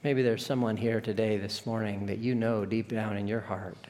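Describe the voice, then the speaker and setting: A soft-spoken male preacher in an echoing hall. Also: lowish voice, little pitch movement, moderate pace. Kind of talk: sermon. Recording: long echo of a large hall.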